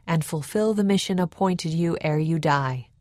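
A woman voicing a calm, resolute imprisoned church leader, in a measured, earnest way. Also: low-pitched, no room sound, clean studio sound, close to an everyday voice.

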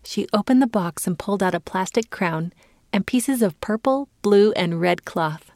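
A woman giving a calm, clear reading as the narrator of a children's story. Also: medium pitch, moderate pace, no room sound, studio quality.

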